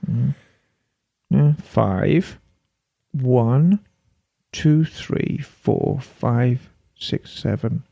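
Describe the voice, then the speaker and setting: A man's voice: medium pitch, very slow, gravelly, long pauses, warm tone, no room sound, clean studio sound. A man co-hosting a podcast, playful and theatrical when reading listener entries aloud. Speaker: podcast co-host. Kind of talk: casual chat.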